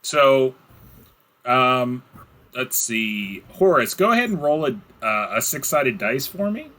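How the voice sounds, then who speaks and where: A man narrating a tabletop game as game master, chatty and relaxed, with lots of fillers. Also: mid-range voice, takes it slowly, low-quality recording.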